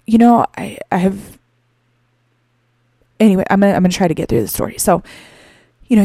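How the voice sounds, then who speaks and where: A woman podcast host telling a moving personal story, tearful and halting, with frequent restarts. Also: lowish voice, dark tone, no room sound, studio quality.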